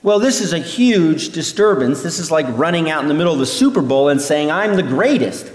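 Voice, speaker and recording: A man teaching through a Bible passage in an animated way, acting out the voices he quotes. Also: a little high, brisk. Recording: echoey hall reverb.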